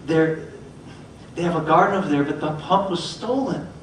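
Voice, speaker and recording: A man's voice: on the high side, normal speed, slight background noise. A middle-aged man, a motivational speaker, telling a story on stage and acting out the voices of the people in it. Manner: animated, acts out voices in his stories. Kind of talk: storytelling talk. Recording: echoey hall, mic from far off.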